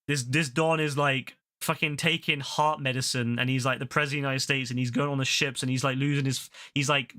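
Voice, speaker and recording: Young man, gaming streamer; bright, sharp voice; heated profane ranting. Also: medium pitch. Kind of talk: casual rant while gaming.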